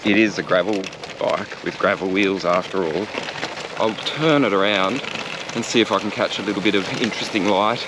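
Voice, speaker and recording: A man's voice: low voice, moderate pace, noisy background. A man with an Australian accent talking casually while cycling outdoors before dawn, joking and swearing now and then as he vlogs. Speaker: cycling vlogger. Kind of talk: casual vlog commentary while riding. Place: riding a bike outdoors on roads before dawn.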